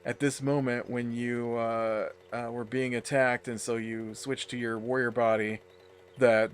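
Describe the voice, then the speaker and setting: A man with a mid-range voice chats loosely over his gameplay, stringing thoughts together with plenty of ums and restarts. A faint hiss of background noise sits under his voice. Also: mid-range voice. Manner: rambling, filler-heavy, chatty. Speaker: let's play host. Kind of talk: casual gameplay commentary.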